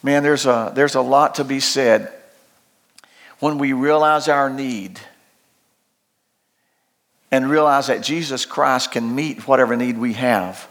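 An older man preaching a sermon in a loud, folksy, emphatic way, often restarting his phrases. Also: medium pitch, takes it slowly, long pauses. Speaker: pastor.

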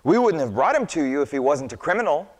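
A man voicing hostile temple authorities and a crowd, shouting accusations. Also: a little high, big pitch swings, fast talker, voice pushed up. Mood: angry. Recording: long hall reverb.

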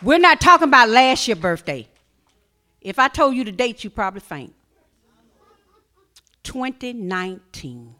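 A middle-aged woman preaches a personal testimony with a high, bright, ringing voice. She tells the story in an animated way, acting out her own words and bursting into shouted praise. Her delivery is lively and full of feeling. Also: unhurried, pauses often. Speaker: minister. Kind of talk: testimony sermon at a seminar.

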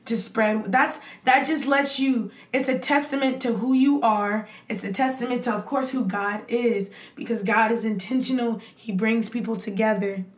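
A woman guest on a podcast, chatting excitedly and gushing with thanks, laughing often. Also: on the high side, moderate pace, hardly any pauses. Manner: gushing, exuberant, with frequent laughs and "y'all". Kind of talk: excited casual chat. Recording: echoey room.

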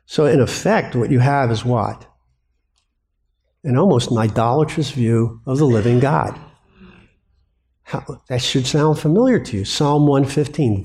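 A man preaches to a room of counselors in a warm, mellow voice. He is animated and keeps throwing out rhetorical questions that he answers himself. His pitch sits in a plain middle range for a man. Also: a little slow. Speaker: preacher and biblical counseling teacher. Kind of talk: sermon.

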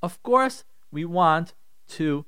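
Animated, emphatic rabbi on the radio. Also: male voice, on the high side, takes it slowly, clear, resonant tone, no echo, studio quality. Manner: emphatic, repetitive, acts out quoted complaints. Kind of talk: animated radio advice talk.

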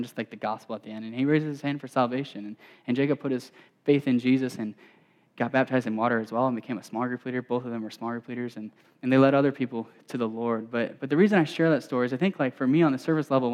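A young man preaching to students as a campus pastor, telling stories in a conversational way, full of asides and quick restarts. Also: mid-range voice. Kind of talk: conversational sermon. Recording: dull, reverberant hall sound.

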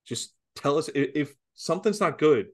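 A man co-hosting a football podcast in casual chat, measured and agreeable as he adds his own point. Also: fairly high pitch, lively intonation. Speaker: co-host of a college football podcast. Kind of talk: casual sports talk.

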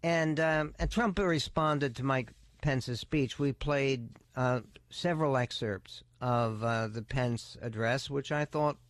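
A man hosting a talk radio show, giving opinionated political commentary in a measured, deliberate way with emphatic stresses. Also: mid-range voice, dry recording. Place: radio studio. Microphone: close studio microphone.

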